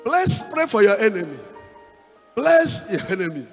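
High-voiced preaching man in an echoey hall. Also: sing-song, normal speed. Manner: emphatic preaching, half-sung phrases, rising to loud exhortation. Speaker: pastor giving a testimony. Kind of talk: sermon testimony. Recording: echoey hall with music behind.

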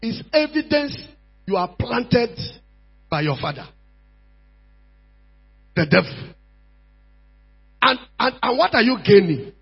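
A male preacher with a high, husky voice drives his sermon with emphatic repetition, dropping low then rising to shouts. The recording is dull and lo-fi, with mains hum underneath. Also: very animated, takes it slowly, long pauses. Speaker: pastor.

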